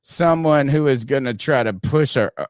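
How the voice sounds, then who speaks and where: A man hosting a sports podcast, talking casually, animated and profane, joking with co-hosts. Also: mid-range voice, normal speed, smooth, no room sound, clean studio sound. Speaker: podcast host.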